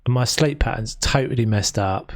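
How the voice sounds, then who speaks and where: A man's voice: mid-range voice, normal speed, no echo. Chatty London-accented male streamer, rambling and casual, dry close sound, mid-range voice. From South London. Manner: chatty and rambling, with frequent restarts. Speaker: game streamer. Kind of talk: casual live-stream chat while building.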